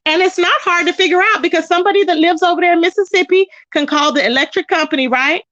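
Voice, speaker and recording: A high-pitched woman chatting casually with her livestream viewers, reading their comments and answering them. Her voice is dry and close, with a slightly dull, muffled sound. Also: fast, a bit bright, no echo. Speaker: livestream host.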